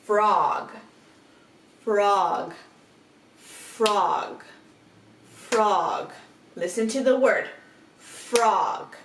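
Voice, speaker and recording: A slow, patient kindergarten teacher, a woman with a medium-pitched voice, is recorded far from the mic in an echoey room with faint background hiss. In this phonics lesson for young children, she sounds out letters and words in a drawn-out, exaggerated way. Her talk is encouraging, and she asks the listener questions.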